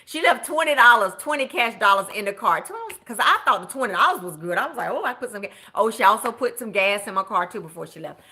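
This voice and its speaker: A woman, a budget coach chatting casually with viewers in an animated way, shouting out greetings to them. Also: medium pitch, fast talker, hardly any pauses. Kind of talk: casual live-stream chat.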